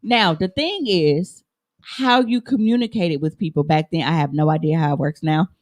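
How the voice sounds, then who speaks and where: A woman's voice: low voice, moderate pace, a little mellow. A woman co-hosting a podcast, telling a story in casual chat with frequent laughs. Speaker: podcast co-host.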